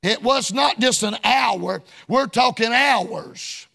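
High-pitched gravelly shouting preacher man. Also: takes it slowly. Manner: shouting, sing-song preaching cadence; folksy colloquial. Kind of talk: sermon.

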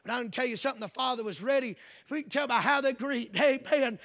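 A man preaching a fervent revival sermon, shouting out hallelujahs and telling folksy stories. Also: extremely high pitch, fast talker, no room sound, studio quality. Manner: folksy storytelling.

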